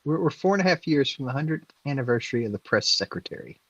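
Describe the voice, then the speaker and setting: Man, podcast co-host, slow trivia, dry dull lo-fi mic. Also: mid-range voice, expressive, a bit bright, no room sound. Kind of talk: casual podcast chat.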